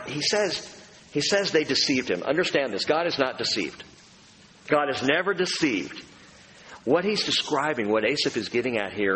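A man preaching a sermon as a pastor, animated, acting out the voices he quotes. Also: mid-range voice, slight background noise. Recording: reverberant hall, faint room ambience.

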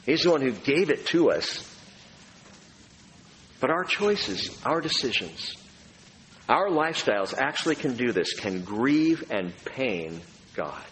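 A man preaching a sermon in a lively, animated voice that swings up and down in pitch. As a pastor, he acts out the voices he quotes. His voice carries a long reverb through a hall, with faint room noise behind it. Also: slow, long pauses.

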